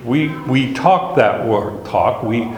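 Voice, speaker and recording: A man's voice: mid-range voice, slow pace. A man teaching a casual Bible class in a wry, self-deprecating way, chuckling at his own jokes. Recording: echoey room with long reverb.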